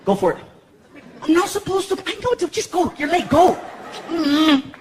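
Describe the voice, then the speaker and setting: Lively stand-up comedian, a high-pitched man, performing live to a big laughing crowd in a noisy venue. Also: normal speed. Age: 30s. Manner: animated, lots of character voices and shouted punchlines. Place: large theater stage. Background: audience laughter and crowd noise.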